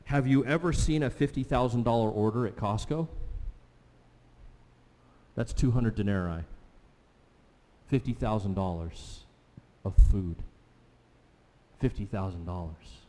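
Mellow-voiced man preaching in a reverberant hall. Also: fairly low pitch, unhurried, pauses often. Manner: conversational, asks the congregation questions. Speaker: pastor. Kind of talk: sermon.

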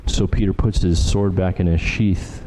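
A man delivering a sermon with a mellow, warm tone. He talks conversationally and scatters fillers and quick "right?" checks through his preaching. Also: sits low, fairly even intonation, rough recording. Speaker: pastor.

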